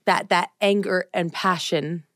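A woman in her thirties co-hosting a podcast, chatting casually and getting animated and loud when worked up. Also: on the low side, a little slow, no room sound, studio quality. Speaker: podcast co-host. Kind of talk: casual chat. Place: moved from the West Coast to the East Coast.

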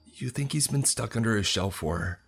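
A man's voice: fairly low pitch, lively intonation, moderate pace, vocal fry, a bit bright, slightly rough, pitched above the performer's own voice, exaggerated voice. A man voicing a frightened, panicked young woman who pleads with her brother. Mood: pleading. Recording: faint music underneath.

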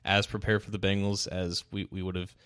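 A man co-hosting a sports talk show, animated, laughing often and restarting his sentences. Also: deep voice, fairly quick, clear, resonant tone. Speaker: co-host.

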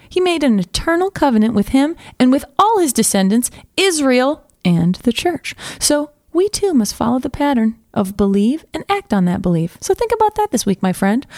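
A woman plays a folksy church-podcast host who preaches in a high, bouncy voice that leaps all over the place. She sermonizes warmly at her listeners, calling each one "my friend," and the recording is close and dry. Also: dry recording. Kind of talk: improvised comedy character.

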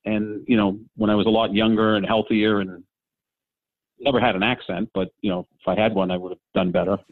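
A man's voice: on the low side, fairly even intonation, fairly quick, no room sound. A man in his fifties chatting casually about sports, rambling with lots of fillers and restarts. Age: 50s. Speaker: podcast co-host. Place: home, during lockdown. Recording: tinny phone-like line.

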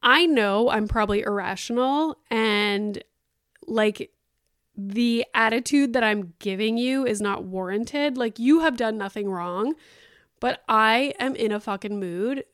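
A woman in her thirties hosts a casual solo podcast, rambling through an exasperated story with "like" after almost every phrase. Her voice is smooth and crisp, at a middle pitch. The recording is dry and close. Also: measured pace, a bit bright, no echo. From Canada. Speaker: podcast host.

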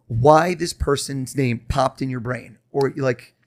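A man who is a mentalist guest on a podcast, running a mind-reading trick with quick, insistent showman patter. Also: medium pitch.

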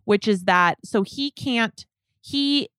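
Clear-voiced woman analyzing sports contracts. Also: mid-range voice, takes it slowly, fairly bright tone, no room sound, studio quality. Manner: analytical, explains points step by step. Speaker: podcast co-host.

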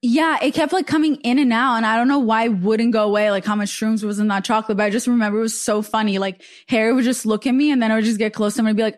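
Young female host, fairly high voice, chatty storyteller full of fillers. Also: fairly even intonation, fast talker. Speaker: podcast host. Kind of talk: casual chat.

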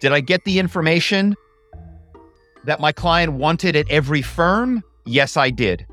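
A middle-aged man, a guest, telling lively stories and slipping into other voices. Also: medium pitch, dry recording. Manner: animated, slips into voices. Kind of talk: storytelling interview answers.

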